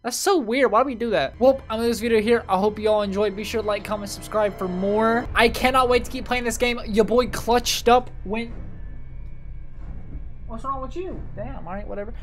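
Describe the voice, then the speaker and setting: A man's voice: high-pitched, fairly even intonation, fairly quick, hardly any pauses, soft background music. A young man hosting a horror game let's play, muttering nervously, swearing and repeating the same phrases over and over. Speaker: gaming channel host.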